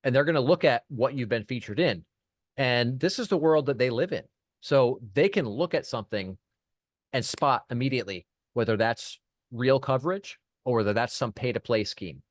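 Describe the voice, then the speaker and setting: A man appears as a guest on a podcast; he founded a PR firm. His pitch sits in an ordinary middle range and his speed is normal, recorded dry and close with no room echo. He tells an animated anecdote casually, piling up restarts as he goes.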